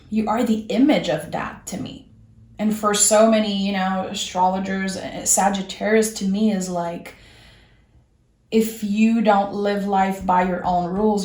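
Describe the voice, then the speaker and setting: A woman's voice: mid-range voice, darkish tone, roomy sound. A woman with a French accent giving a tarot reading, speaking earnestly and reassuringly straight to the viewer. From France. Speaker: tarot reader.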